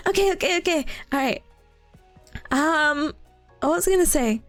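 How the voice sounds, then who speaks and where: Giggly high-voiced woman streamer. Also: fairly bright tone, no room sound. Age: young adult. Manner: giggly, laughs often. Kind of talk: casual live-stream chat.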